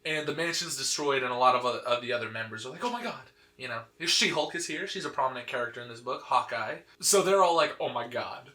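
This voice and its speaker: A man hosting a podcast, recapping a comic story in casual, animated chat, full of "like" and quick laughs. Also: mid-range voice. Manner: animated, laughing, lots of fillers like "like". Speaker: podcast host. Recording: echoey room.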